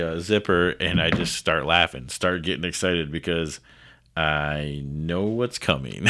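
A middle-aged man with a low, deep voice tells a story on his podcast. His delivery is loose and rambling, full of fillers, and he keeps chuckling as he talks. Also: a bit bright. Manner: chuckles often while telling a story. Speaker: podcast host.

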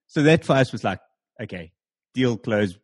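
A man, a church planter, telling anecdotes in a lively interview with fillers like "um" and "like". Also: mid-range voice, normal speed, no echo. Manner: animated anecdotes with filler words. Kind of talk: conversational storytelling.

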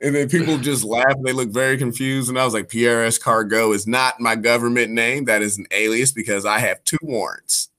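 A man's voice: mid-range voice, fairly even intonation, brisk, few pauses, pushed and bright. A male comedian guest telling stories and jokes in a casual podcast chat. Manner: storytelling, joking.

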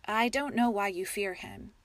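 A woman reading the lines of a gentle, patient farmer husband who softly soothes his wife. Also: medium pitch, a little slow, no echo, natural voice. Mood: gentle, firm.

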